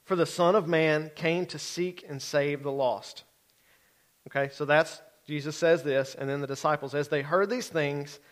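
A middle-aged man preaching a sermon in a conversational way, often checking in with his listeners. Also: on the high side. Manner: conversational, keeps checking in with the congregation. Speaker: pastor.

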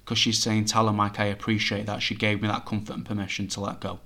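Lowish-voiced guy doing a medium reading, chatty, reassuring. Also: completely flat delivery, sharp tone. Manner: chatty, reassuring, relays messages in quick bursts. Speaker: psychic medium. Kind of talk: reading for a sitter.

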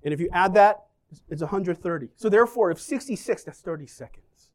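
A man delivering a sermon in a casual, humorous way. His pitch swings widely as he moves between jokes and points. He often turns to the congregation with questions. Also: a little fast. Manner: lively, joking, asks the congregation questions. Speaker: pastor.

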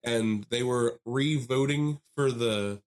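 A man's voice: mid-range voice, slow. A man co-hosting a casual podcast, telling a long story with lots of laughter and acted-out voices. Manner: animated storyteller, acts out voices, laughs often. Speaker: podcast co-host.

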